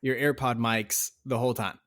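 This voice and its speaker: A man's voice: mid-range voice, flat delivery, moderate pace, fairly bright tone. A man co-hosting a casual podcast, telling a story and laughing through his words. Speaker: podcast co-host.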